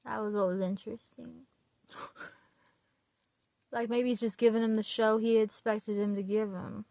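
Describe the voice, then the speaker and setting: A woman chatting casually about a book while getting ready, retelling it in a rambling, excited way with restarts. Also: fairly high pitch, unhurried, creaky, no room sound. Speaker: vlogger.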